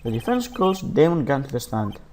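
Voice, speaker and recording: A man's voice: mid-range voice, big pitch swings, fairly quick, a little mellow, a little hiss or hum, voice pushed down, lightly acted. A man voicing an earnest young defense lawyer from a game, insistent and direct. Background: background game music.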